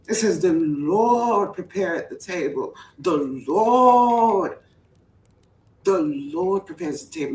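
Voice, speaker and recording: A woman giving a playful sermon-style riff on a voice call, preachy and repetitive, bursting into high whoops. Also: a little slow, darkish tone. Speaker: show participant preaching to the group. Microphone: voice chat mic. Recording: roomy, distant voice chat audio, faint hum.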